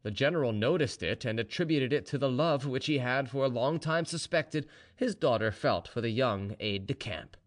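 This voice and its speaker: A man reading an audiobook as narrator, expressive and giving each character a voice of his own. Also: mid-range voice, normal speed, few pauses.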